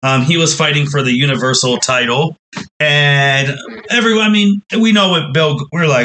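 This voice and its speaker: A man's voice: a little high, moderate pace, pushed and bright, poor audio. A man hosting a wrestling podcast, recapping in a casual, storytelling way and acting out the fans' reactions as quotes.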